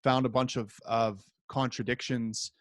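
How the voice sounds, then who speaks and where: A man hosting a casual discussion, speaking in a measured way and summarizing his guest's points. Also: mid-range voice, fairly even intonation, no room sound, studio quality. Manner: measured, summarizing, brief acknowledgments. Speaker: podcast host.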